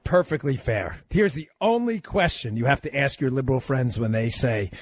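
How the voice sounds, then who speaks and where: A man guest-hosting a talk radio show, taking calls and making his points with rapid-fire emphasis. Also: medium pitch, expressive, no room sound.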